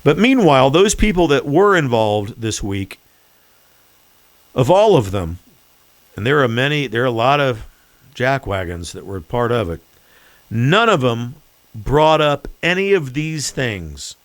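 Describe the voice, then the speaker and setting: A man's voice: mid-range voice, sing-song, a little slow, dry recording. A man hosting his own podcast, delivering a sarcastic, mocking political commentary monologue. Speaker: podcast host.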